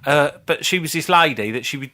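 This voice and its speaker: A man's voice: fairly high pitch, fairly quick, pushed and bright. A man in his fifties, co-hosting a comedy podcast as a rambling, sweary storyteller. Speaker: podcast co-host. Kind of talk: casual chat.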